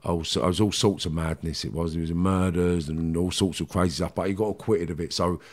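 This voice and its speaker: A middle-aged man speaks in a fairly low voice. He tells his stories bluntly and swears freely, stumbling over restarts as he goes. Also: fairly even intonation, brisk. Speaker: podcast guest. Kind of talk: casual storytelling chat.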